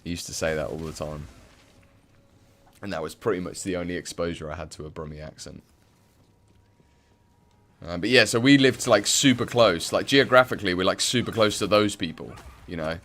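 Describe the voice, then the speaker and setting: A man's voice: sits low, moderate pace, long pauses, a bit bright. A young English man from the Midlands chatting casually and rambling with many fillers while he plays a game on stream. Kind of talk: casual chat while playing.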